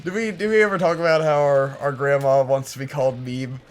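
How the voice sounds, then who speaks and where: A young man co-hosting a casual gaming chat, cutting in with quick sarcastic remarks and frequent laughter. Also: medium pitch, fairly even intonation. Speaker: co-host. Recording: noisy background with clicks.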